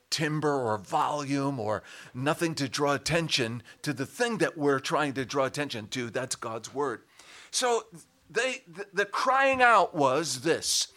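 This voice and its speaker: Older man preaching with bright, forceful ring. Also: fairly high pitch, a little slow. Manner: animated, rises to loud emphatic shouts on key words. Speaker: pastor. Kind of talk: sermon.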